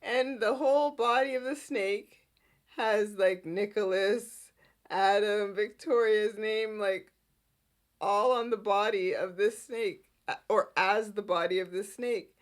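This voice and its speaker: A woman hosting a podcast and recapping a soap opera in casual, animated chat with frequent giggles. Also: medium pitch, slow. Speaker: podcast host.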